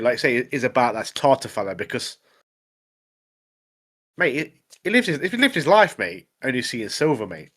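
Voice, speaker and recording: A man co-hosting a podcast recaps events in rambling, casual chat packed with fillers like "obviously" and "mate." His voice is lowish and a bit bright.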